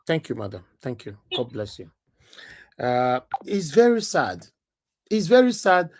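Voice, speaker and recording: A man's voice: mid-range voice, big pitch swings, unhurried, darkish tone. Nigerian guy hosting a call-in stream, voice rises and dips a lot, preachy rhetorical questions. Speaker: live show host taking calls. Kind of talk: live call-in commentary.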